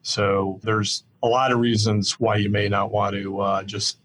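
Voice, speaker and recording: An older man from the Midwest, a real estate executive answering podcast interview questions in a measured, plainspoken way with frequent fillers. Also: on the low side, level tone, fairly bright tone, rough recording. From Midwest US, Iowa.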